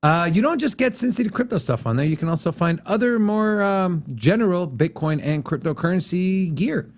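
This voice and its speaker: A man's voice: high-pitched, lively intonation, normal speed. A man hosting a casual talk show, rambling through a sign-off with plenty of fillers. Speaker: show host. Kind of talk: casual podcast chat.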